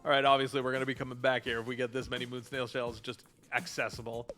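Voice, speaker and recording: A man doing excitable live commentary while streaming a video game. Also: mid-range voice, fast talker. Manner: excitable, exclamatory. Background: game music.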